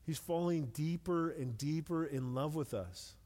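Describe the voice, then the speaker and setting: A man's voice: a little high, measured pace, warm tone. Conversational male pastor in a reverberant hall. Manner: conversational, self-deprecating humor, repeats words when emphatic. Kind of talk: sermon. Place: church sanctuary with long reverb.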